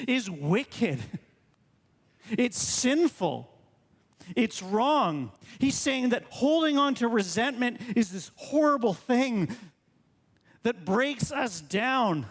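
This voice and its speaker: A man's voice: very high-pitched, lively intonation, slow pace, in a large hall. A male pastor preaching a sermon in a conversational way, full of rhetorical questions. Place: church sanctuary.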